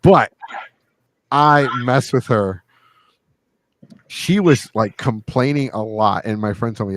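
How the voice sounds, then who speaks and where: A man hosting a podcast, telling stories in a crude, joking, animated way and laughing often. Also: mid-range voice, takes it slowly, pauses often. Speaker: podcast host. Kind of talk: casual storytelling chat.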